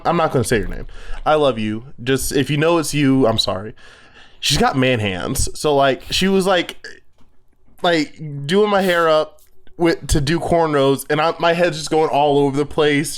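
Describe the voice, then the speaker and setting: A man's voice: on the high side, moderate pace. A man co-hosting a podcast, telling rambling stories full of fillers and laughing at his own jokes. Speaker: podcast co-host. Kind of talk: casual chat.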